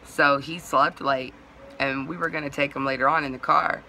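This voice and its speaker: A woman vlogger with a hoarse, fraying voice talks her way through a long story in a casual, rambling manner. Her tone is very bright and edgy, and she laughs at herself along the way. Faint hiss sits under the recording. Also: low voice, steady tone, normal speed. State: hoarse, voice going out.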